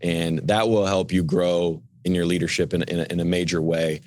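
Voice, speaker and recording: A man's voice: low voice, little pitch movement, moderate pace, a little mellow, slight background noise. A middle-aged man, an executive pastor, speaking earnestly as a guest on a podcast, often restarting his phrases and acting out quoted voices. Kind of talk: podcast interview.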